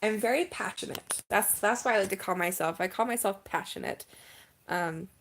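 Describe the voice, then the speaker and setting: A woman chatting on a casual live stream, her voice carrying a gravelly fry at a middle pitch. She talks in a rambling, emphatic way, full of "like" and "um". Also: normal speed, a bit bright, slight background noise. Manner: chatty and emphatic, heavy use of "like" and "um". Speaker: vlogger.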